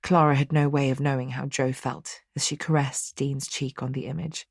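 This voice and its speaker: Female audiobook narrator, measured storytelling, low-pitched, husky. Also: steady tone, no room sound, studio quality. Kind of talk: scripted narration.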